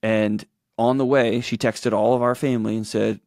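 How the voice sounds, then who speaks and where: An earnest man in his forties with a drawl, speaking at a middle pitch in a dry, close studio sound. He tells personal stories and slips into other people's voices when he quotes them. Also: fairly even intonation, normal speed, a little mellow, no room sound. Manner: earnest storytelling, acts out quotes in shifting voices. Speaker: guest, author and show host. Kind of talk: candid conversational interview talk.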